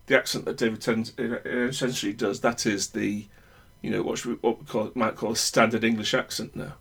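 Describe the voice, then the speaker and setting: A man's voice: medium pitch, fairly even intonation, fairly quick, bright, forceful tone, slightly rough. A man from the UK co-hosting a podcast, talking in a thoughtful, wordy way with frequent restarts. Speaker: podcast co-host. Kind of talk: casual chat.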